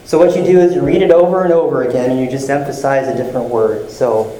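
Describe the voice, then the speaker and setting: A man's voice: medium pitch, fairly even intonation, fast talker, warm tone, roomy sound, slight background noise, rough recording. A male pastor giving a sermon in a conversational, encouraging way, often repeating phrases.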